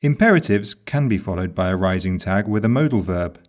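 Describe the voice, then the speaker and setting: A man narrating a lesson in a measured, carefully enunciated way. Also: lowish voice, animated, darkish tone. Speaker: English teacher.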